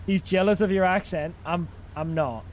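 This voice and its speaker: A man's voice: sits high, steady tone, normal speed, slight background noise. A young man livestreaming a game, chatting casually and joking back at his chat. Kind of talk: casual gaming stream chat.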